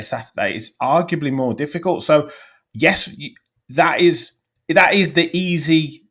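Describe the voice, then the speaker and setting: A man's voice: fairly high pitch, a little slow, fairly bright tone. A man, a guest fan on a football podcast, ranting bluntly about his team.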